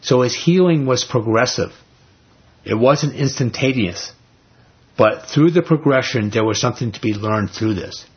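Very husky man teaching a Bible study. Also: mid-range voice, normal speed, dull audio. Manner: conversational, asks the group rhetorical questions; retells scripture in everyday speech.

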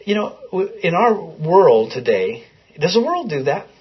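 A man's voice: on the high side, big pitch swings, unhurried, highs cut off. A man leading an interactive Bible class, asking his listeners questions in a conversational way.

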